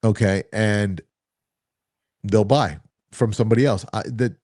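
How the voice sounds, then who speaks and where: Man, co-host, low voice, dry sound, casual anecdotal storytelling, self-assured. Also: unhurried, dry recording. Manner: animated, anecdotal, self-assured salesman talk.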